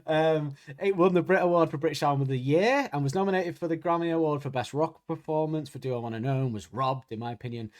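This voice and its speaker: A man's voice: fairly high pitch, fast talker, hardly any pauses. An Irish man hosting a casual podcast chat, rambling and laughing often. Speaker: podcast host.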